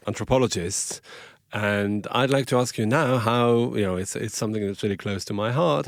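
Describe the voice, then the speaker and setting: Podcast host, male journalist: low, dry sound, curious and lively. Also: no echo. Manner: lively, wordy questioning. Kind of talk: podcast interview questions.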